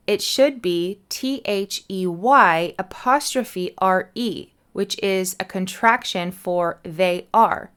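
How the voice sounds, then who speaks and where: A woman's voice: mid-range voice, a bit bright. Woman patiently explaining English punctuation. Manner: clear, patient explanation, spells letters out slowly. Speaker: English teacher. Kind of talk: teaching a punctuation lesson.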